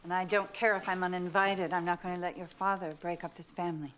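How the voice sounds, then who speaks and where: A woman's voice: lowish voice, steady tone, quick pace, fairly bright tone, a little hiss or hum, lightly acted. A woman playing a middle-aged mother in a TV drama who stays cool and defensive under her son's accusations. She answers in short, clipped lines. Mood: indignant. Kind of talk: TV drama acting.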